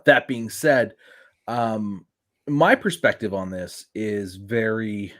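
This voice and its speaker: A man's voice: on the low side, slow, fairly bright tone. A man co-hosting a casual wrestling podcast, talking in a loose, rambling way and filling his sentences with "like". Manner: rambling, heavy use of "like", acts out quotes. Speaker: podcast co-host.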